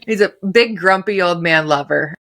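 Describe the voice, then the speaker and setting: A woman's voice: on the low side, moderate pace, fairly bright tone. A pregnant woman co-hosting a podcast, telling stories in casual chat and laughing often. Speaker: podcast co-host.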